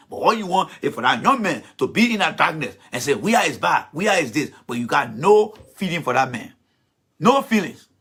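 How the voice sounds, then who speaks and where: A man hosts a blunt, confrontational political rant, swearing freely. His voice is bright and a little husky, sitting somewhat high for a man. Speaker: political commentator host.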